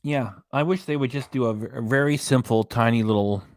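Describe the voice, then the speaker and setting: A man with a mid-range, brisk voice hosts a casual reaction livestream, recorded with clean studio sound and no echo. He rambles and chats between topics, reading viewer comments and web pages aloud.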